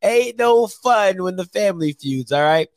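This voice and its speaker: A man's voice: high voice, expressive, normal speed. A man hosting a sports talk show, ranting casually with slang and repeating phrases for emphasis. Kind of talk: casual sports commentary rant.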